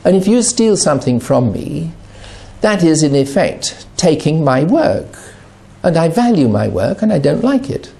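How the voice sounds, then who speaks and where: A middle-aged man giving a talk on addiction recovery, animated and acting out the voices he quotes. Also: a little high, creaky.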